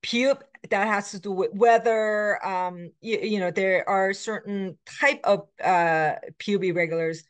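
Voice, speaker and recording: A woman's voice: medium pitch, steady tone, normal speed, few pauses, clean tone. Woman teaching grammar with frequent fillers. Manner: explanatory, with frequent fillers and self-corrections; switches between English and Korean examples. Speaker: Korean language instructor. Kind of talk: recorded lecture.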